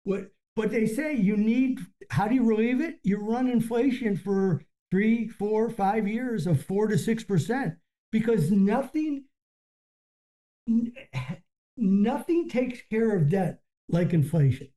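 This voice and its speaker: A podcast host in casual conversation, explaining a point in a measured way and citing references. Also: medium pitch, expressive, warm tone.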